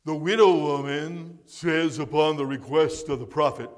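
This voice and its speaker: Male pastor, fairly high voice, emphatic and repetitive delivery, long hall reverb. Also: moderate pace. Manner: emphatic, repeats key words. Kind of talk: sermon.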